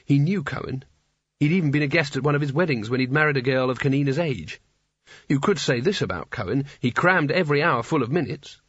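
A man narrates an audiobook in a measured, wry storytelling manner. His voice is husky and mid-pitched. The recording is dry and slightly dull. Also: lively intonation, a bit bright, no echo. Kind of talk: scripted narration.

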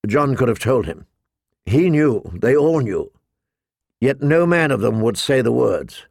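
A man narrating an audiobook in a slow, measured reading. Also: mid-range voice, big pitch swings, vocal fry, darkish tone, no echo, clean studio sound.

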